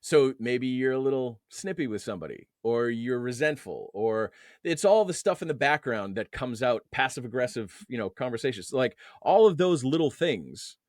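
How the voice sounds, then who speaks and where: This is a conversational interview in which a man, a men's emotional coach, appears as the guest. His mid-range voice moves at normal speed, and he leans on everyday analogies while lifting animatedly on key words. The recording is close and dry.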